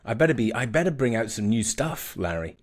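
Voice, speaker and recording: Lively British man, a laughing guest. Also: medium pitch, fairly quick. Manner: good-humoured, laughs easily. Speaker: podcast guest, company founder. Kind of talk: casual interview chat.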